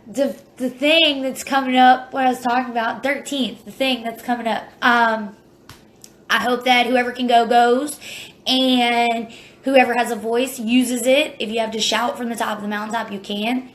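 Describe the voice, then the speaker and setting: A woman speaking straight to camera about life after prison, blunt and impassioned, plain-spoken and cursing now and then. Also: fairly high pitch. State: near tears. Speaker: former prisoner sharing her story. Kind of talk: casual direct-to-camera video.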